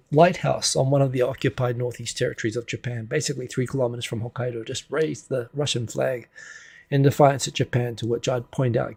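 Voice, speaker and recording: Guy hosting a home livestream, mellow dark voice, kinda gravelly, wry rambly news chat. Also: mid-range voice. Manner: rambling, wry, self-interrupting. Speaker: livestream host. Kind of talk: casual solo news commentary. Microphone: desk USB microphone.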